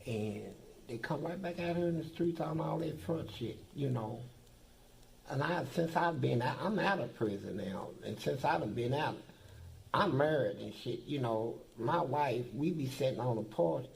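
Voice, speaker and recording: A man's voice: mid-range voice, expressive, moderate pace, creaky, slight background noise, poor audio. An older man, a former prisoner, telling blunt, profane stories in a documentary interview. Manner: blunt, profane, boastful storytelling.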